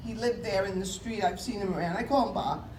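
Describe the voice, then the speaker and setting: A woman's voice: mid-range voice, fairly quick, a little mellow. A woman comedian doing a chatty stand-up set, telling stories and mimicking voices and subway announcements. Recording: echoey room with faint noise.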